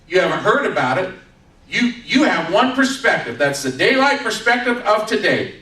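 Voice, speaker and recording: A man's voice: high voice, big pitch swings, normal speed, pushed and bright, far from the mic. A man preaching a sermon as pastor, retelling a story with acted-out quotes. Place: church sanctuary. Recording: echoey room from off-mic.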